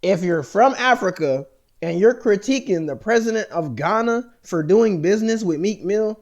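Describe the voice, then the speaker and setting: A man's voice: high voice, very animated, moderate pace. An American man vlogging in a rambling, profane monologue, full of fillers and restarts. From United States.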